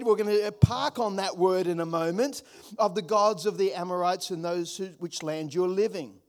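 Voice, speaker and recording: A man's voice: high-pitched, normal speed. A man preaching a sermon as pastor, earnest, often repeating words and building up emphasis.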